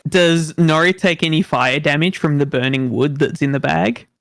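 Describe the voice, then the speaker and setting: Low-voiced woman tabletop player. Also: moderate pace, gravelly. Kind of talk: tabletop game chat.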